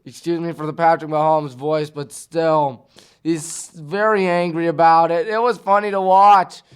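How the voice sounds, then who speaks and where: A man hosting a local sports talk show, rattling through scores and picks in a casual, excitable way. He fires off rhetorical questions and exclamations. His voice is high, smooth and clear. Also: a little slow.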